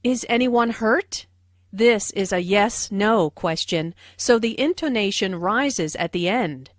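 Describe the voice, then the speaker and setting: A woman acting out a short everyday dialogue and explaining its phrasing in clear language notes for English learners. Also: mid-range voice, lively intonation, dry recording, clean studio sound. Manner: slow, clear teaching delivery. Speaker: English teacher.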